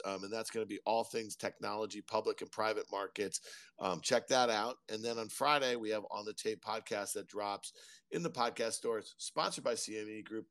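A man co-hosting a markets podcast, chatting casually in an excitable, rambling way. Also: medium pitch, dry recording. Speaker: podcast co-host.

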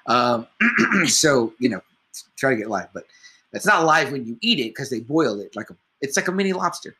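A man's voice: medium pitch, sing-song, moderate pace, pushed and bright. A man co-hosting a podcast, chatting casually about comedy movies, rambling, swearing often and a little tipsy. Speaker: podcast co-host.

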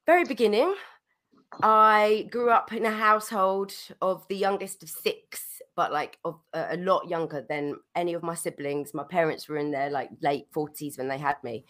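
A woman's voice: on the low side, moderate pace, a bit bright. Woman guest getting over a cold, chatty storyteller who laughs a lot. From London, England. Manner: chatty, laughs often, many restarts. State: recovering from a cold. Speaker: podcast guest, musician. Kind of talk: casual storytelling.

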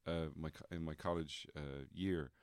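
A man's voice: rumbling low, steady tone, moderate pace, a little mellow, clear, resonant tone, no echo, studio quality. A man chatting casually on a podcast, telling rambling anecdotes broken up by laughter.

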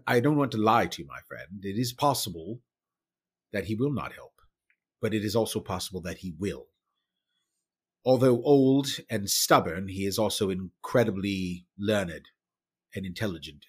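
A man's voice: low voice, slightly rough, exaggerated voice. A man playing an earnest, loyal adventurer who speaks formally to a friend.

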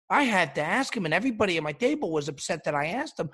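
A man's voice: high-pitched, big pitch swings, fast talker, few pauses, a bit bright, breathy edge. A man hosting a comedy show, delivering an indignant, mock-outraged rant. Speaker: comedic host.

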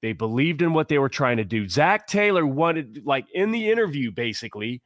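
A man's voice: medium pitch, big pitch swings, brisk, no room sound, studio quality. A man co-hosting a casual sports talk show, speaking with passion and rambling through many restarts. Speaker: podcast co-host.

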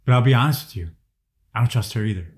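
A man's voice: medium pitch, quick pace. A man ranting angrily in casual conversation, swearing heavily as he vents. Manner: angry, profane ranting. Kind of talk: casual chat.

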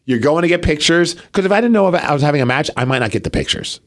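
A man's voice: a little high, fast talker. A man co-hosting a podcast, animatedly telling a story in casual chat and acting out the people in it. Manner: animated storytelling with quoted dialogue. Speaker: podcast co-host and local wrestler.

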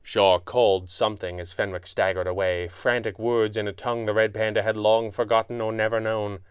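A man narrating a pulp adventure audiobook in a measured, dramatic way. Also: on the low side, little pitch movement, clear, resonant tone, dry recording, clean studio sound.

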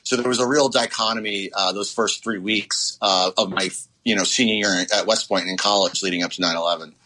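A man in his forties speaks in a low, forceful voice with a bright edge. He recalls events haltingly, full of fillers and restarts, as an interview guest. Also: fairly even intonation, poor audio. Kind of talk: personal recollection interview.

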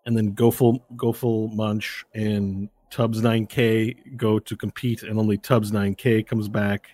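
A man's voice: fairly low pitch, level tone, a little slow, mellow, no echo. A man narrating a tabletop game as game master, loose and meandering.

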